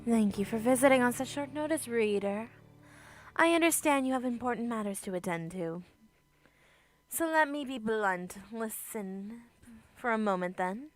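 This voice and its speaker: A woman's voice: a little high, animated, normal speed, lightly acted. A woman reading aloud as a lonely, ancient female spirit trapped in a crystal, in formal, old-fashioned wording. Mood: solemn. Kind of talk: reading game dialogue aloud.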